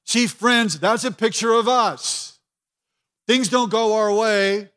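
A man preaching a sermon as pastor, emphatic and expressive, acting out anguished prayers with repeated words. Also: sits high, slow pace. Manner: expressive preaching, voicing pleading prayers to God.

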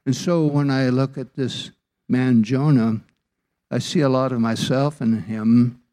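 A man preaching a sermon as pastor, slow and deliberate, lifting his voice for emphasis. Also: mid-range voice, fairly even intonation, dark tone.

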